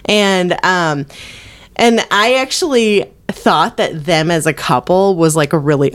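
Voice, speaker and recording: A woman's voice: on the low side, moderate pace. A woman co-hosting a podcast in casual chat, telling stories with acted-out voices and frequent laughter. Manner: animated storyteller, acts out voices, laughs often. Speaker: podcast co-host. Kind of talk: casual chat about movies.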